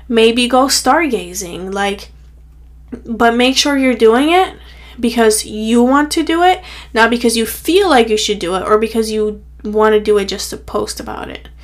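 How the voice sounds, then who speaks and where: Young woman podcaster, fairly high voice, casual rambling pep talk, tired and slightly breathless. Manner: chatty, rambling, heavy filler "like". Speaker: podcast host.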